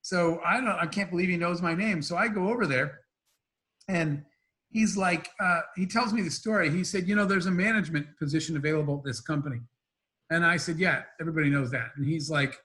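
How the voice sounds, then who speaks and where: A man's voice: fairly high pitch, fairly quick. A man, an entrepreneur guest on an interview show, telling long stories with quoted dialogue. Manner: animated anecdotes with quoted dialogue. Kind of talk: storytelling interview talk.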